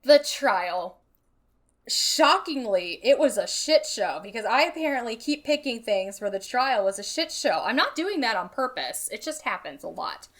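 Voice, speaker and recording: A woman's voice: a little high, very animated, moderate pace, few pauses. A woman co-hosting a podcast, telling a true-crime story in a chatty way, with fillers, and reading quotes aloud. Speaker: podcast co-host.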